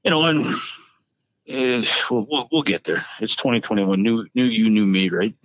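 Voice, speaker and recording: A man's voice: on the low side, expressive, a little slow, a bit bright, no room sound. Middle-aged man, joking, self-deprecating, casual banter, slightly lo-fi sound. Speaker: podcast co-host. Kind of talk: casual chat. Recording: slightly dull lo-fi audio.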